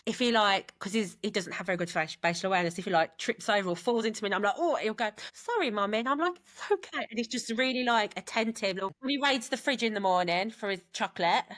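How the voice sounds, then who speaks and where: A woman co-hosting a podcast, chatting in a relaxed, conversational way about her children. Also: mid-range voice, fast talker, hardly any pauses. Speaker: podcast co-host, parent. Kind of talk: casual chat.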